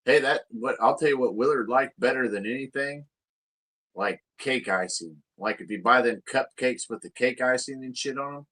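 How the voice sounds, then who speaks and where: A man's voice: mid-range voice, normal speed, fairly bright tone. A man, co-hosting a casual podcast chat, crude and boastful, often laughing at his own jokes. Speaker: podcast co-host.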